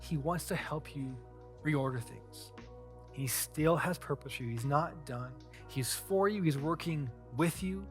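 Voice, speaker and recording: A man preaching a sermon as pastor, telling a story earnestly with dramatic swings in loudness. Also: a little high, unhurried, faint music behind.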